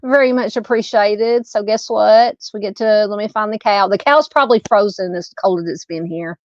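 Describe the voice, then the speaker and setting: A woman's voice: mid-range voice, normal speed, no room sound, dull audio. A woman with a Southern US accent hosting a casual true crime live stream, rambling and chatty as she talks with viewers. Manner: rambling, chatty, lots of "you know" fillers.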